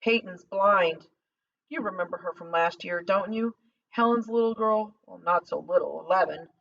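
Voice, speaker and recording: A woman voicing a steady grown man and former soldier in an audiobook, terse and urgent. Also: lowish voice, normal speed, gravelly. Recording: slightly distant dull lo-fi recording.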